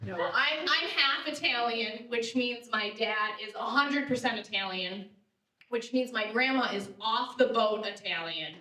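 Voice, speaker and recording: A young woman performing a lively stand-up comedy set in a theater, laughing at her own jokes and shouting the punchlines. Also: on the high side, unhurried. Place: live theater stage. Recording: roomy theater sound, distant mic.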